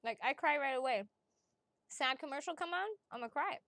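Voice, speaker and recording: A woman hosts a casual psychic-reading livestream, talking in a chatty, excitable way, laughing often and swearing without a second thought. Her voice sits on the higher side. The sound is close and dry, with no room echo. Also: normal speed. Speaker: psychic reader.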